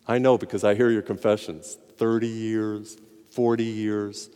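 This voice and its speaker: A man's voice: lowish voice, a little slow, dark tone, clear, resonant tone. Priest guy preaching, tells jokes like stories, gets emphatic, echoey church sound. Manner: conversational storytelling, emphatic. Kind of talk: sermon. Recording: reverberant hall.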